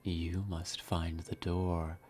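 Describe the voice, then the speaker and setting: A man voicing an ominous unseen male figure in a breathy whisper, slow and drawn out, as whispered role-play. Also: deep voice, monotone, a little mellow, a little hiss or hum, voice pushed down.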